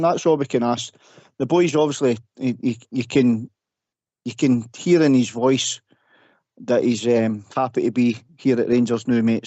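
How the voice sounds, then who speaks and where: A man's voice: medium pitch, dark tone, no room sound. Male co-host, enthusiastic, "mate"-heavy speech, dry close sound, muffled. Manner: enthusiastic, says "mate" constantly. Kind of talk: casual radio chat.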